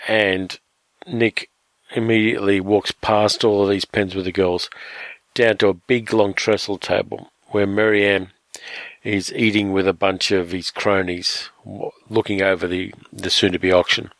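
A man reviewing a film in casual commentary, relaxed and retelling the plot with fillers. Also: on the low side, a little slow, no echo.

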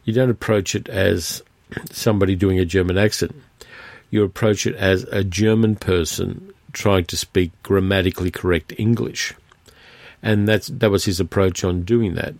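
A man with a very low, gravelly, darkish voice hosts a film podcast, rambling casually through a movie review in a steady tone. He pauses often with fillers and restarts sentences. The sound is close and dry, with no room sound.

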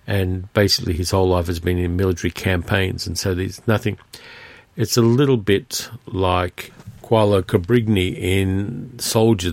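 A man with a very low, gravelly voice hosts a film podcast, talking through a movie in a loose, rambling review. He pauses often with fillers and restarts his sentences. The sound is close and dry. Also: no room sound. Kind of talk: casual spoken film review.

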